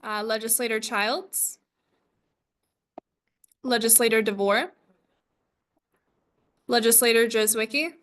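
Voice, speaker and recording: A woman chairing a student government meeting, reading the agenda and roll call in a brisk, scripted way. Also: fairly high pitch, a bit bright.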